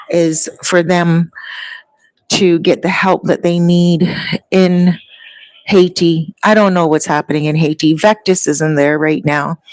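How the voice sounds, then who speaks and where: A woman's voice: on the low side, a little mellow, no echo, poor audio. A woman talking casually to her viewers, rambling and long-winded as she tells stories. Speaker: vlogger. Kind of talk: casual chat.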